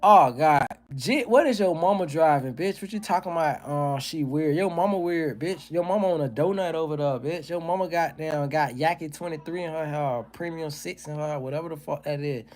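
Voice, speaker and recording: A man's voice: on the high side, a little fast, hardly any pauses. A man hosting a livestream, talking casually and working through comedy bits in a profane, ranting way. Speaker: livestream host.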